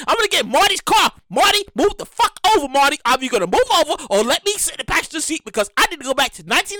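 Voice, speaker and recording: A woman's voice: extremely high pitch, bright, forceful tone, dry recording, studio quality. A woman hosting a show, ranting casually and emphatically, with profanity and stammered restarts. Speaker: show host. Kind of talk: casual comic rant.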